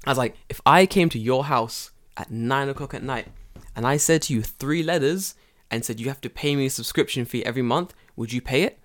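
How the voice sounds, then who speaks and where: A man tells a story on a casual podcast. He swears freely and jumps into the voices of the people in his tale. His pitch sits right in the middle. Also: a little fast, a bit bright. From England. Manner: profane, storytelling, acts out quoted voices. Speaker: podcast co-host. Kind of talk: casual chat.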